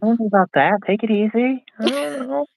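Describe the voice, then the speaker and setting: A man's voice: very high-pitched, a little fast, vocal fry, a little mellow, no echo. A man co-hosting a live stream, teasing and encouraging in casual chat, heard over a call. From United States. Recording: tinny phone-like call audio.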